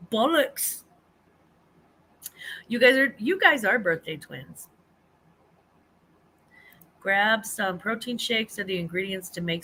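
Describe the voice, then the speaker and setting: A woman's voice: mid-range voice, pushed and bright, a little hiss or hum. A middle-aged woman hosting a casual live chat stream from home, rambling and reading comments, laughing often and restarting her sentences.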